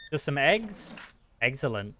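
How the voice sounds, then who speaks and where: A man's voice: mid-range voice, very animated, a little slow, bright, forceful tone, a little hiss or hum. A man streaming a store game, greeting customers in a shopkeeper voice and talking to himself, with frantic bursts when it gets busy. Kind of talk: casual gameplay chat.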